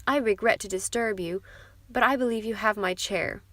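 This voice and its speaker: A woman voicing a gentleman who speaks courteously but firmly. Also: medium pitch, normal speed, dry recording, natural voice. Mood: polite. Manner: courteous, firm. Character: polite but firm gentleman.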